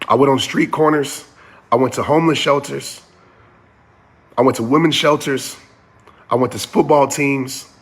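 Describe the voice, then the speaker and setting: A man's voice: mid-range voice, fairly even intonation, normal speed, pauses often, husky. A man giving a motivational talk in an earnest, preacher-like cadence with repeated phrases. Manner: addresses listeners as y'all. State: getting emotional. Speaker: motivational speaker.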